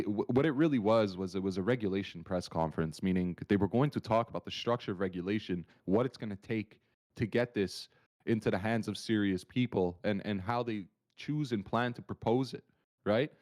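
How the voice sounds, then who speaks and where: A man co-hosting a market analysis livestream, talking in an animated, rambling way with many restarts. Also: on the low side, normal speed. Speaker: market analyst stream co-host. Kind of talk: casual livestream chat.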